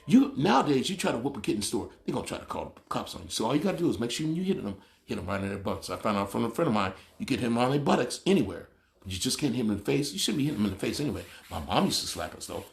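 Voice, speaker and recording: Gravelly guy rambling on camera, opinionated, voice jumping all over. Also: medium pitch, rapid-fire. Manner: animated, storytelling, opinionated. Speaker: vlogger. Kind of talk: casual monologue.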